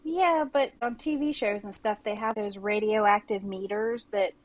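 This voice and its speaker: A woman's voice: mid-range voice, measured pace, poor audio. A middle-aged woman co-hosting a podcast, chatty and casual, with many "like"s and "you know"s. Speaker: podcast co-host.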